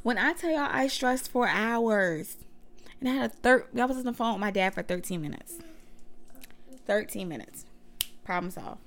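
A woman's voice: on the high side, expressive, moderate pace, fairly bright tone, a little hiss or hum. A woman of about thirty hosting a faith podcast, chatting casually and using slang as she talks straight to her listeners. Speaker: podcast host and mother.

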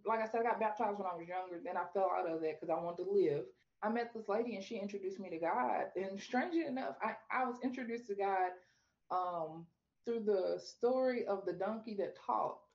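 A woman guest on a podcast, telling her story in casual talk and acting out her own questions to God in a high, lively voice. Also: a little fast, lo-fi sound. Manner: animated storyteller, acts out quoted talks with God in a high voice. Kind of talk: casual faith interview.

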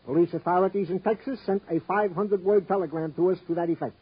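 An actor playing a good-natured police sergeant in a 1950s radio drama, chummy, with wordy, mock-formal phrasing and a slightly hoarse voice. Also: male voice, high voice, fairly even intonation, quick pace. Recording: dull old radio broadcast recording.

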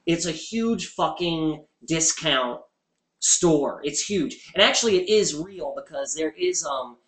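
A man's voice: a little high, animated, slow, fairly bright tone. A man co-hosting a podcast, chatting casually in an eager, rambling, joking way. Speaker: podcast co-host. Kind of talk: casual chat. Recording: echoey room.

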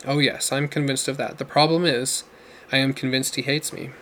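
A man's voice: medium pitch, flat delivery, normal speed, a bit bright, a little hiss or hum, close to an everyday voice. A man voicing a remorseful, ailing former criminal who pleads earnestly and despairingly.

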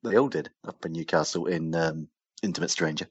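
A man chatting casually as a podcast co-host, full of trivia and quick asides. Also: low-pitched, breathy edge, no room sound, lo-fi sound. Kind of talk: casual chat about old British TV.

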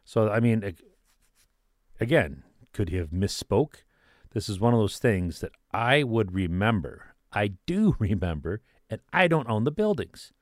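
A man's voice: fairly low pitch, sing-song, unhurried, dry recording, clean studio sound. A man giving skeptical, questioning commentary with a sarcastic edge.

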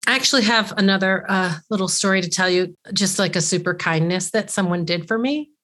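A woman's voice: mid-range voice, brisk, a bit bright. A woman co-hosting a theater podcast, telling a personal story in an earnest, emotional way. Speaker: podcast co-host. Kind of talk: casual storytelling chat.

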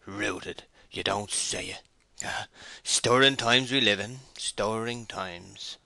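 A man voicing an ancient country maltster who rambles slowly and wistfully about old times. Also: lowish voice, creaky, sharp tone, dry recording, full character voice. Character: older rustic man, the gossiping maltster.

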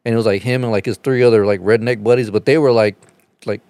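A man chatting casually on a podcast, telling a rambling, profane story and getting animated as he retells it. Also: on the low side, brisk, no room sound.

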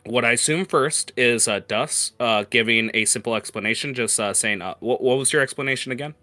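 A man's voice: mid-range voice, fairly quick, pushed and bright, dry recording, soft background music. A man narrating as game master of a tabletop game, hesitant with many fillers.

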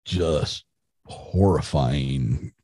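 A man's voice: a bass voice, very slow, dark tone, slightly rough, no echo. A middle-aged man, a podcast guest, telling a story in a rambling casual way with restarts.

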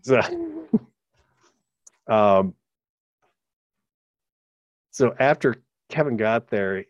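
A man's voice: lowish voice, extremely slow, dry recording, muffled recording. A man rambling through a secondhand story in casual chat, stumbling and restarting, swearing now and then.

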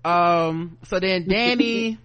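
A man's voice: high-pitched, takes it slowly, smooth, muffled recording. A man co-hosting a podcast, recapping a show animatedly, laughing often and acting out the characters in slang. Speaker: podcast co-host.

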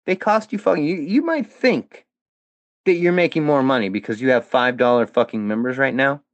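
A man's voice: medium pitch, expressive, moderate pace, dry recording, dull audio. A man speaking as a podcast guest, delivering a heated, profanity-laced rant aimed at his critics. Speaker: guest, former fan of a comedian. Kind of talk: angry monologue addressed at critics.

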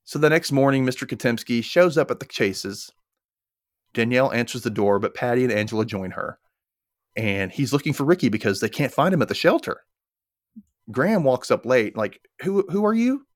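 A man hosting a podcast, casually recapping a TV episode with animated storytelling and casual swearing. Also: mid-range voice, moderate pace, dry recording, studio quality. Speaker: podcast host.

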